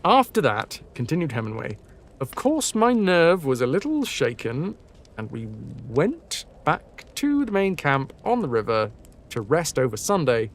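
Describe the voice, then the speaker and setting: A man's voice: a little high, wildly swooping pitch, unhurried. Man reading old stories aloud on a stream. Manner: stumbling over words, breaks off for joking asides; casual, swears now and then.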